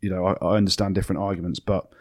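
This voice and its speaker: An English former rugby player hosting a podcast, opinionated and teasing in casual sports banter. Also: male voice, sits low, level tone, very fast, dry recording. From England.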